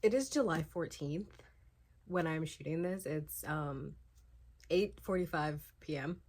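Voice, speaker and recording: A young woman in her twenties chatting casually in a reading vlog, emotional, often dropping into a hushed whisper. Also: sits low, unhurried, breathy edge. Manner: emotional, swings between hushed whispers and excited outbursts. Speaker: book vlogger.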